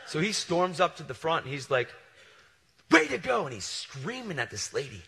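A man preaching a sermon, telling stories in a casual, animated way with slangy asides. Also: medium pitch, normal speed, in a large hall. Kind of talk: storytelling sermon.

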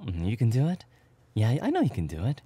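A man's voice: mid-range voice, huge pitch swings, brisk, mellow, husky, dry recording. A man voicing a playful young boyfriend who rambles in a goofy, scatterbrained way and is out of breath, in a whispered role-play.

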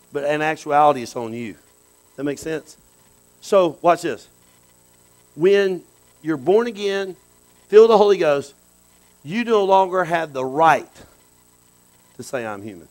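A man preaching a sermon in a conversational way, dropping to low asides and then bursting into loud exclamations. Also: low-quality recording. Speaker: pastor.

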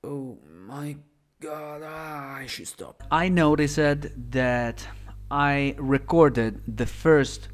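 A man with an Italian accent, casually explaining and demonstrating as a tech reviewer, sometimes restarting mid-sentence. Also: medium pitch. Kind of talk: casual product demo. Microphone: testing desk microphones.

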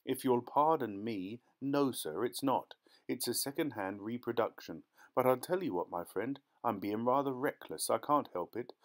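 A man's voice: medium pitch, moderate pace, close to an everyday voice. A man voicing a fussy, ingratiating male antiques dealer posing as a parson, overly polite and wheedling.

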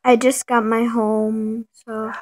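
A woman talks slowly over her gameplay, her voice sitting a little higher than most. She plays up being frightened, slipping into hushed whispers and sudden gasps between casual remarks. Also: level tone. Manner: acts scared, drops to whispers and gasps. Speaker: gameplay video host.

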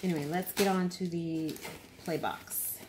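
A woman with a low, somewhat sleepy voice talks casually about makeup, hopping between thoughts with ums and restarts. She sounds worn out from a long stretch awake, and faint clicks sit behind her speech. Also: fairly even intonation, measured pace, background noise. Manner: chatty, rambling, with many ums and restarts. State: tired after a long time awake. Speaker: beauty vlogger. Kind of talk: casual unboxing chat.

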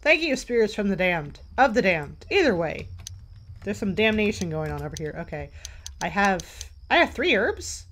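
A woman's voice: medium pitch, sing-song, moderate pace, a bit bright, slight background noise. A woman commentating a horror game as she plays, a little tired, jumpy and swearing as she jokes to herself. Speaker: let's play gamer.

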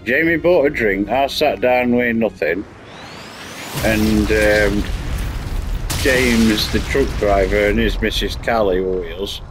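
A man chats casually while streaming a game, telling rambling stories and swearing freely. His voice is fairly low and slow, with background noise.

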